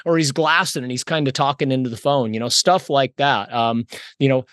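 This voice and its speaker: A man hosting a podcast, chatty and energetic, often repeating words as he talks. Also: mid-range voice, fairly quick, dry recording. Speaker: podcast host. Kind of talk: casual podcast conversation.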